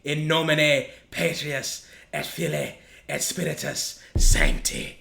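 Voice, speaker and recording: A man's voice: on the high side, expressive, gravelly, sharp tone. Man reciting a solemn film prayer, roomy. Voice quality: solemn, measured incantation.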